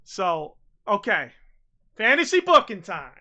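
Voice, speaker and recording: A man co-hosting a casual podcast, rambling and excitable, swearing freely and saying bro a lot. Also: high voice, slow, dull audio, noisy background. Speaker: podcast co-host. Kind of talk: casual chat.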